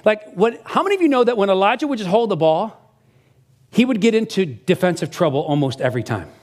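A middle-aged man preaching a sermon as pastor, telling stories in a lively conversational way with frequent restarts. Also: high voice, fast.

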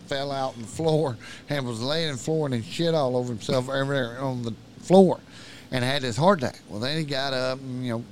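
A man's voice: medium pitch, a little hiss or hum. A man telling a long, profane story in casual podcast talk. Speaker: podcast guest.

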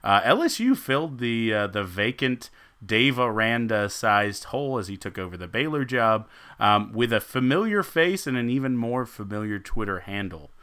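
A man's voice: medium pitch, big pitch swings, normal speed, pushed and bright, smooth. A man co-hosting a sports podcast, rambling and joking in casual chat and laughing often. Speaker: podcast co-host.

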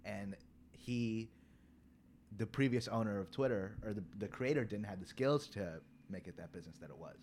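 A man co-hosting a podcast, talking in a measured, insistent way and reading facts aloud. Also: lowish voice, a little mellow, a little hiss or hum. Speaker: podcast co-host. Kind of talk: casual chat.

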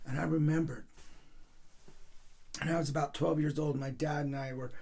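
Man, pastor, gravelly husky voice, somewhat high, heartfelt sermon. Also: steady tone, normal speed, a little mellow. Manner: heartfelt, gets emotional telling a personal story.

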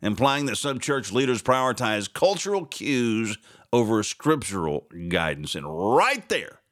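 A man's voice: mid-range voice, very animated, unhurried, fairly bright tone. A man hosting a morning talk radio show, reading news aloud with sarcastic, chatty asides and frequent laughs. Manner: reads news items aloud with running commentary. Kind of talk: casual talk radio commentary.

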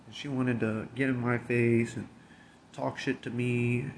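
A man's voice: medium pitch, level tone, a little slow, slight background noise. A man who works at a convenience store telling a story in a blunt, profane, drawling way. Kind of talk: casual storytelling.

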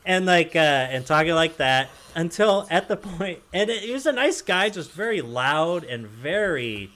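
A man's voice: a little high, sing-song, a little slow, fairly bright tone. A man hosting a casual podcast, telling a rambling story with frequent chuckles. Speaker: podcast host.

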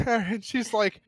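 A high-voiced man tells a rambling story, animated, swearing and laughing as he goes. His voice is dry and close, with no room around it. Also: no room sound. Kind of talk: casual storytelling.

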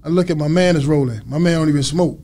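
A man as an interview guest, telling a story in a lively way and acting out other people's lines. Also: fairly high pitch, quick pace. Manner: animated storyteller acting out quotes.

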